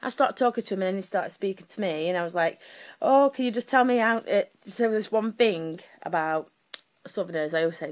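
A woman, from Sheffield, telling a personal story to camera in a rambling, chatty way full of fillers and self-corrections. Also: medium pitch. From Sheffield, England. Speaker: vlogger.

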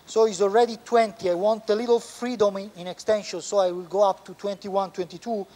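A man with an Italian accent, a surgeon explaining a knee operation step by step as he works in the operating room, pausing often. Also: high voice, fairly even intonation, warm tone. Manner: explains step by step, halting with frequent pauses. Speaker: orthopedic surgeon. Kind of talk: live surgical teaching demonstration.

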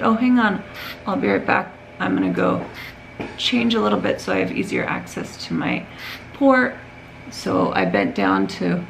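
A worn-out woman speaks straight to the camera in a casual home vlog, her voice full of heavy gravelly fry. Her pitch swings widely as she rambles through her story, and a faint hiss sits under the recording. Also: poor audio. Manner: candid, rambling storytelling with many restarts. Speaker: vlogger.

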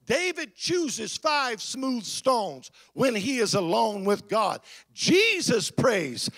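A man preaching a sermon with a shouting, chanting cadence. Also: very high voice, big pitch swings, takes it slowly, dry recording, clean studio sound.

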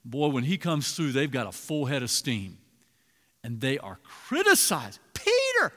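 A man preaching a sermon as pastor, animated, swinging between loud emphasis and hushed asides. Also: medium pitch, measured pace. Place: church sanctuary. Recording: long reverb in a large hall.

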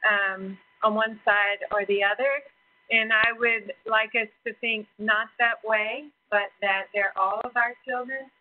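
A woman pediatrician giving a lecture to an audience, earnest and self-deprecating, with frequent fillers. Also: mid-range voice. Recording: tinny phone-like recording.

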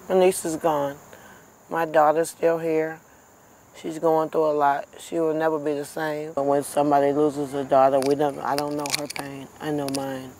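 A woman's voice: sits low, darkish tone, a little hiss or hum, poor audio. Tearful middle-aged woman interviewed outside. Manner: tearful and heartfelt. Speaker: victim's aunt, interviewee. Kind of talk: emotional interview.

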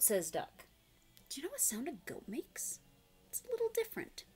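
A woman's voice: mid-range voice, huge pitch swings, moderate pace, husky, soft background music. A young woman reading a picture book aloud to preschoolers, asking the listener questions and making animal noises. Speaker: children's storyteller.

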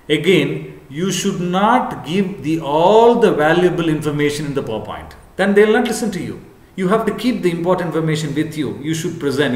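A male professor giving an earnest lecture to camera, repeating his points and often pausing on "what you call". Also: mid-range voice. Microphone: camera, speaking to camera. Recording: echoey room.

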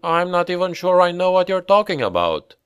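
A man's voice: sits high, sing-song, brisk, fairly bright tone, clean tone, no room sound, studio quality, pitched above the performer's own voice. A man reading the part of an eager young man on guard duty, pleading and rising with worry as he asks after his brother. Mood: anxious.

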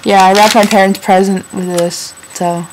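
A woman's voice: mid-range voice, fairly even intonation, moderate pace, slight background noise, low-quality recording. A teenage girl vlogging casually to her webcam at home, chatty and a little self-conscious, talking with a slight lisp from her retainer. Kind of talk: casual chat to camera.

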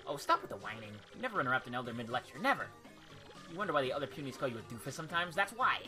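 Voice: medium pitch, big pitch swings, rapid-fire. A woman voicing a cranky old elder creature who scolds and lectures in a bossy way, with game music playing behind. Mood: scolding.

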